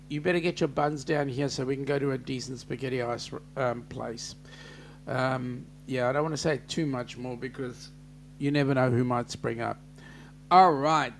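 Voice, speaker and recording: An Australian man with a gravelly, fry-laden voice hosts a relaxed live-stream chat. He talks slowly and jokes around, greeting viewers by name. A faint hum sits under his voice. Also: mid-range voice. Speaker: host. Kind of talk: casual live-stream chat reading comments.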